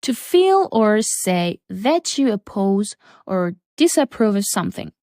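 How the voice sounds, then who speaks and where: A woman teaching a lesson, reading out words and example sentences slowly and deliberately. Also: mid-range voice, very animated, warm tone, no echo, studio quality. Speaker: English teacher. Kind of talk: slow, careful English lesson.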